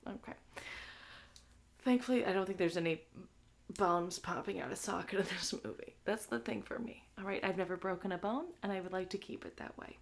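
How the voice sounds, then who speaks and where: Brisk and medium-pitched with vocal fry, a young woman hosts a live movie stream. She talks crudely and casually to her audience, ending her lines with "all right?"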